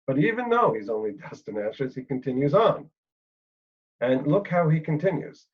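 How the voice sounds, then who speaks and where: A man lecturing on a Bible passage, thinking aloud with pauses and fillers and often checking in with "right?". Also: on the high side, very animated, slightly rough, muffled recording.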